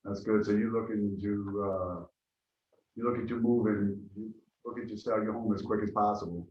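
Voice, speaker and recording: Polite halting male agent trainee. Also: lowish voice, steady tone, reverberant, distant mic, muffled recording. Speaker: real estate agent trainee. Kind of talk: practicing a sales call.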